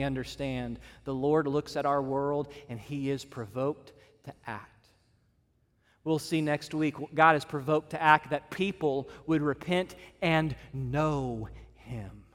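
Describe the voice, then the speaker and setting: A man's voice: mid-range voice, fairly bright tone. A pastor preaching a sermon to his church, earnest and building his points through repeated phrases and lists. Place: church meeting room. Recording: long reverb of a hall.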